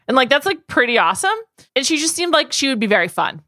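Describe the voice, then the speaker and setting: A woman's voice: a little high, expressive, brisk, a bit bright, no room sound, studio quality. A woman co-hosting a podcast in enthusiastic, rambling chat with heavy "like" fillers. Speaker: podcast co-host. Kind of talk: casual chat.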